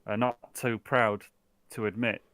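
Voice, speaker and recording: Earnest dragonborn envoy played by a man, bright tone, measured formal delivery. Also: on the low side, flat delivery, no echo. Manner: slow, formal petitioning speech.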